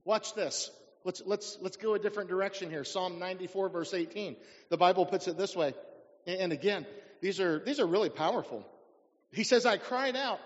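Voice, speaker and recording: A man preaching a sermon as pastor, putting rhetorical questions to his congregation. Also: high voice. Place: church sanctuary. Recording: dull sound in a reverberant church hall.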